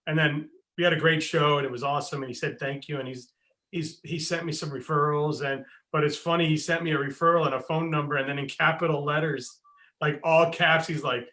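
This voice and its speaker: Bright-voiced animated American podcast host. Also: male voice, on the high side, fast talker. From United States. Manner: animated storyteller, swears, laughs, acts out voices in anecdotes. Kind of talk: casual chat.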